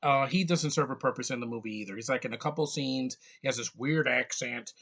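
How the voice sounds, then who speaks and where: Bright-voiced rambling male movie reviewer. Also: medium pitch, fairly quick, hardly any pauses. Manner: rambling, blunt and jokey, with frequent fillers. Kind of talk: casual movie review monologue.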